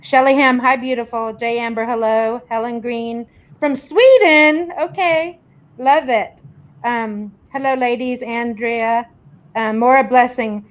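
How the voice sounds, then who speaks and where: A woman's voice: on the high side, unhurried. A woman hosting a casual live stream, chattily greeting viewers by name and reading their questions. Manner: warm greetings, chatty, rambling. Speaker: host reading viewer comments.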